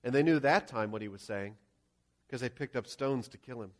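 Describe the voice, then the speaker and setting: A male pastor preaching a sermon, acting out scenes and shouting quoted lines. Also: mid-range voice, brisk.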